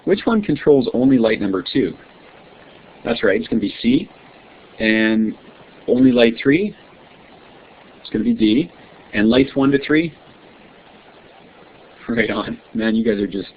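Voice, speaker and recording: Friendly male teacher on a tinny line. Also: lowish voice. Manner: friendly, quizzing students, checking with "right?". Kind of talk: online science lesson. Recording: tinny lo-fi line with faint hiss.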